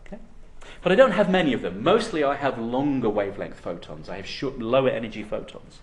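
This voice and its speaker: A man's voice: mid-range voice, expressive, brisk. A man lecturing on physics to university students, explaining step by step and often checking in with "okay?".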